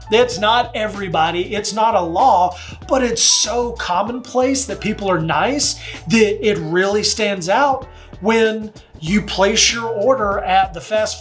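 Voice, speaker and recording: A man's voice: sits high, fairly bright tone. A man working as a real estate agent, from Texas, speaking in a casual, chatty vlog style with fillers and asides. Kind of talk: casual talking-to-camera vlog.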